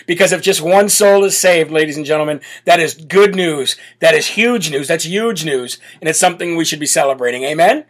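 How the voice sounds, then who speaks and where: A brash American man hosts a live political talk show in a fairly high voice. He reads out supporters' messages, leads prayer, and breaks into laughing chants. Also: a little fast, hardly any pauses.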